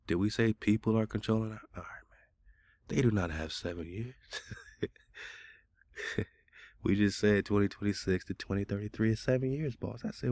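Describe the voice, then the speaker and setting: A man's voice: on the low side, moderate pace, creaky, long pauses, a little mellow, no echo. A man hosting a casual radio talk show, arguing back in loose, colloquial speech. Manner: argumentative, colloquial, talks back at a chatbot.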